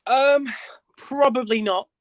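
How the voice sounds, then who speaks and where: A man's voice: extremely high pitch, slow pace, no room sound. A young man from Lancashire, chatting as a podcast guest about his path into theatre, playful with camp asides and lots of fillers. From Lancashire, England. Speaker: guest, actor and theatre director. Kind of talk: casual podcast chat.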